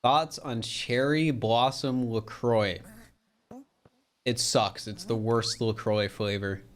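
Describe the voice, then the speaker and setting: Chatty streamer laughing at himself. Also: male voice, medium pitch, fairly even intonation, slow pace. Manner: chatty, self-mocking, laughs often. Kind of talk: casual gameplay commentary. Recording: faint music behind. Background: faint game music.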